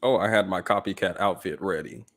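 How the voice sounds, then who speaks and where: Deep-voiced man with a Southern accent. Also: brisk, a bit bright. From Georgia, US. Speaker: livestream guest. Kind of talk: casual livestream chat.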